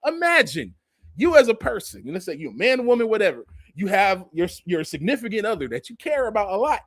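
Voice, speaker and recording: A man giving a casual, animated sermon in everyday vernacular, reading scripture aloud between comments. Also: high-pitched, a little fast, no echo, clean studio sound. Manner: casual, animated preaching with Southern Black vernacular and laughs. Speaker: preacher.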